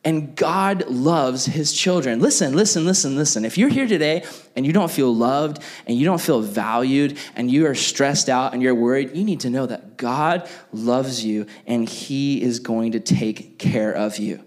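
A young man giving a casual sermon to young people, chatty and animated, acting out little scenes. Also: mid-range voice, a little slow, few pauses. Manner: animated, chatty, full of "like", acts out bits. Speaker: youth pastor.

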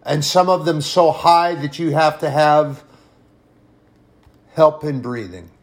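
A man's voice: a little high, slow pace, pitched above the performer's own voice. A man voicing God as a majestic, exasperated male figure who keeps asking incredulous questions.

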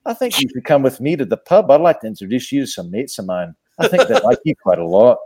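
A man's voice: medium pitch, very animated, fast, a little mellow, voice pushed down. A man putting on a glowering, menacing Scotsman.

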